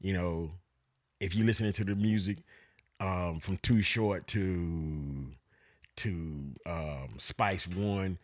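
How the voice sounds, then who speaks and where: A middle-aged man, a father co-hosting a podcast, talking in casual chat with drawn-out phrasing and loud laughter. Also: low voice, no echo, clean studio sound.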